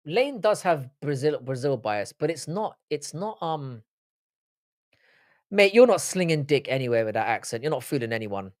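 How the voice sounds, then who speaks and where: A man's voice: a little high, dry recording, studio quality. A man hosting a live stream, chatting casually, reading chat comments aloud and answering with swearing banter. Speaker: livestream host.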